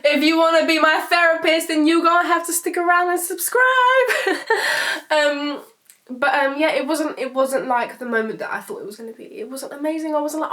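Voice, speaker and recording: A woman's voice: high voice, fairly quick, pushed and bright. A woman, telling a personal story to camera in a rambling, emotional way, swearing freely. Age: 20s. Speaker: vlogger. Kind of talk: casual storytelling vlog.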